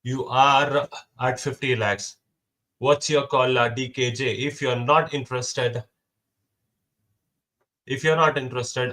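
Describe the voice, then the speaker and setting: A man's voice: mid-range voice, pushed and bright. A young man calling bids in a casual mock auction, repeating prices and counting down before each sale. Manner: repetitive calls and countdowns, brisk.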